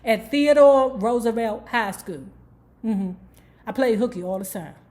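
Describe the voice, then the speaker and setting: Woman, book club vlogger, from Washington D.C., higher pitch, profane storytelling, keeps asking "okay?". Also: a little slow, darkish tone. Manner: candid, profane, frequent "okay?" asides. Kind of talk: casual storytelling book review.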